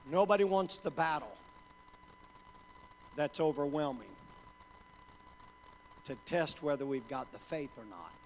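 A man preaching a sermon with passion, dropping to a hush and then building up to shouts. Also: a little high, measured pace, long pauses, slight background noise. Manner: impassioned, swings from hushed to shouting. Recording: hall reverb with faint ambience.

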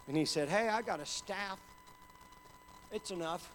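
A man preaching a sermon with passion, dropping to a hush and then building up to shouts. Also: sits high, measured pace, a little hiss or hum. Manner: impassioned, swings from hushed to shouting. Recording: hall reverb with faint ambience.

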